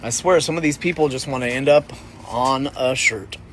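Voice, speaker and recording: A man's voice: medium pitch, moderate pace, a bit bright, a little hiss or hum. A man giving indignant, moralizing commentary as a voice-over.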